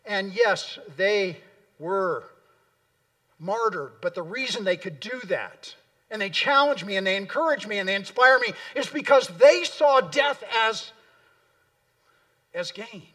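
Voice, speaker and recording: A man's voice: high-pitched, lively intonation, measured pace, pushed and bright, distant mic. A middle-aged man preaching a sermon in a church, earnest and emphatic, often repeating words for weight. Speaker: pastor. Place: church sanctuary.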